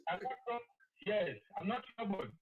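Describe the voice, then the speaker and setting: A man's voice: high voice, wildly swooping pitch, moderate pace, a loud crowd. A man calling in to a live show, full of effusive, emotional praise. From Nigeria. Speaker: caller. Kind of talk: phone-in call. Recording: tinny phone line with faint hiss.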